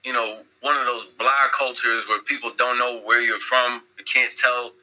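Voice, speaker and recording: A man guesting on a podcast, telling a story in a rambling, animated way with many restarts. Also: medium pitch, moderate pace, highs cut off. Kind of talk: casual podcast chat.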